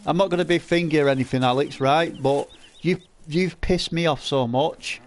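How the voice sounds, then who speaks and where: A man streams a farming game live, reading out his chat and mocking viewers with crude, jokey banter. His voice sits a touch higher than most men's, and he talks loosely, laughing between lines. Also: normal speed, slight background noise.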